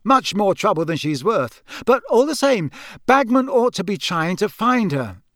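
A man's voice: sits high, sing-song, normal speed, a bit bright, no room sound, voice pushed up. A stuffy young official who lectures everyone, as a male audiobook reader puts him on. The voice sits raised and officious, recorded close and dry. He speaks with pompous self-importance.

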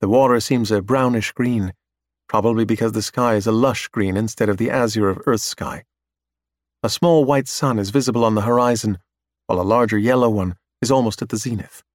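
A man reading a science fiction story aloud as narrator, in a steady, even storytelling manner. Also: on the low side, fairly quick, dry recording, studio quality. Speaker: audiobook narrator. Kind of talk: scripted narration.

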